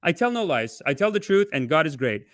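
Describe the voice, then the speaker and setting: A man hosting a casual livestream, reading donations and ranting, swinging between loud outbursts and muttered asides. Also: fairly high pitch, sing-song, fairly quick, no echo, studio quality. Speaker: livestream host.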